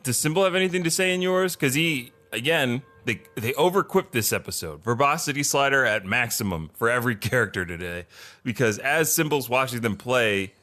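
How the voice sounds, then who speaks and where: A man chats and jokes on a podcast with a lively, up-and-down voice. His talk is loose and playful, full of quick asides. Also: mid-range voice. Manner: animated, playful, jokey. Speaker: podcast co-host. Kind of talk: casual chat.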